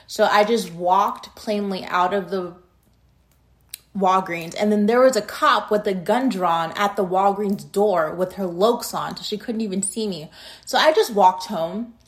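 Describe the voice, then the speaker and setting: A woman's voice: mid-range voice, a little slow. A woman in her thirties telling a personal story in a candid, blunt and casual way, full of "um" and "like".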